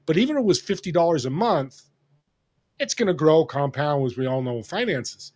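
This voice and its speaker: Animated older man telling stories. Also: on the high side, brisk. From Northern California. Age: 60s. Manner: animated, acts out quoted dialogue. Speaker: guest. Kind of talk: casual storytelling.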